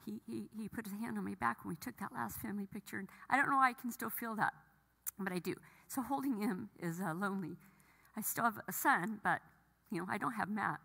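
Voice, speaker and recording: A middle-aged woman gives an emotional personal testimony, halting and full of restarts. Her voice is bright with a gravelly edge. It rings out with the long reverb of a church hall. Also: medium pitch. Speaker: bereaved mother sharing testimony. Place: church sanctuary.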